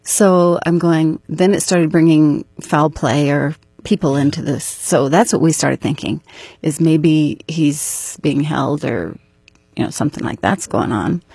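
A woman's voice: low-pitched, a little slow, mellow, slightly rough, no room sound. A middle-aged woman telling her story as an interview guest, recounting events earnestly and step by step. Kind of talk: personal storytelling.

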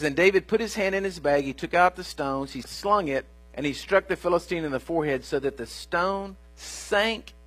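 High bright-voiced man preaching. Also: slightly rough. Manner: animated, acts out inner dialogues in shifting voices; folksy, addresses congregation directly. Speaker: pastor. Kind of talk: sermon.

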